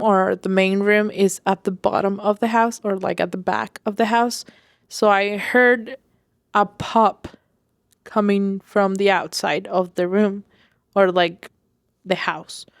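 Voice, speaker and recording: Slow-talking woman telling a personal story. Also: medium pitch, clean tone, no room sound, studio quality. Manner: rambling, full of fillers and self-corrections. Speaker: podcast host. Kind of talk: personal diary-style storytelling.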